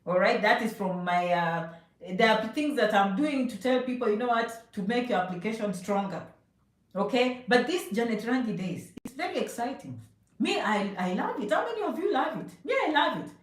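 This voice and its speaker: Woman from Zambia, high voice, emphatic live-stream motivator who keeps checking "okay?", echoey distant mic. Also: expressive, normal speed. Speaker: immigration advice streamer. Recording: echoey room, voice a bit far from mic.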